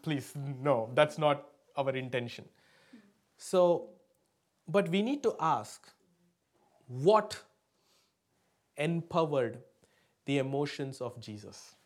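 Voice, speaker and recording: A male pastor preaching a sermon to a live congregation, emphatic, often asking them to answer back and swinging between loud stresses and soft asides. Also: fairly high pitch, lively intonation, slow, pauses often.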